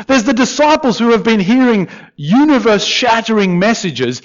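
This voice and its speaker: A man preaching a sermon in a conversational, animated way, with asides to the congregation. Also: high voice, a little fast, hardly any pauses. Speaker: pastor. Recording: dull, lo-fi sound.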